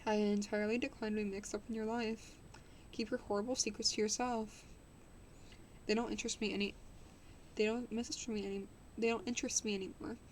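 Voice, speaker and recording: A stern, pale man, hard and cold in his refusal, as a woman reads him aloud. The mid-pitched voice hurries through the contempt, tripping and repeating now and then. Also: level tone, brisk, slight background noise, close to an everyday voice. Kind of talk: reading a novel aloud.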